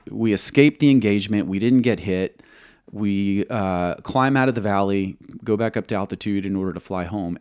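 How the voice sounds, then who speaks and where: A man who served as a military pilot, telling a combat story in an interview, measured and halting, acting out quoted dialogue. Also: on the low side, darkish tone, no room sound, clean studio sound.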